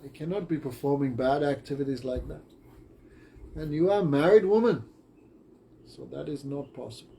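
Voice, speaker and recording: A man's voice: fairly high pitch, normal speed, gravelly, pauses often, mellow, a little hiss or hum. Brief: wronged male pilgrim, man voicing him, earnest and complaining. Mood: firm.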